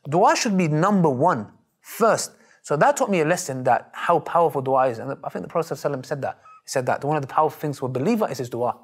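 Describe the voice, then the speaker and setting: A man, telling stories in an interview in a lively, emphatic way and acting out the voices he quotes. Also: fairly high pitch, very fast, husky. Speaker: Muslim preacher interviewed. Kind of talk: animated storytelling in an interview.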